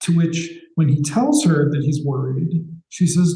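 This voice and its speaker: A man's voice: fairly high pitch, a little slow, creaky, dark tone, echoey room, poor audio. A man co-hosting a podcast, recapping a TV episode in casual, sarcastic chat with the odd swear. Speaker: podcast co-host.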